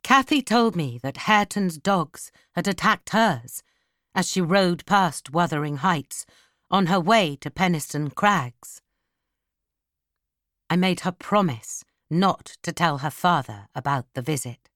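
A woman narrating a classic novel as an audiobook, in slow, expressive storytelling. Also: fairly low pitch, no room sound, clean studio sound.

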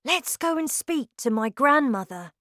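A sensible young boy in a mouse's body, patient and reassuring, voiced by a woman reading a storybook. Her raised voice rises and falls a lot at an unhurried pace. The recording is dry and close. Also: high voice, animated, fairly bright tone, no room sound, pitched above the performer's own voice.

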